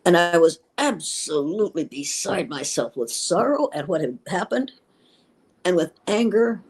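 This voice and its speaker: A woman's voice: on the low side, lively intonation, unhurried, darkish tone, husky, rough recording. An older woman, a retired schoolteacher, telling her story in an interview with emphatic, indignant feeling and acting out the dialogue she recalls. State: tearful at times. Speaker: interview guest, former schoolteacher.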